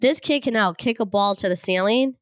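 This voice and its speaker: A woman's voice: a little high, fairly quick, dry recording, clean studio sound. A woman co-hosting a podcast, chatting casually and laughing often while telling a frustrated story. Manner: laughs often, plays up frustrations for comic effect. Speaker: podcast co-host. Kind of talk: casual chat.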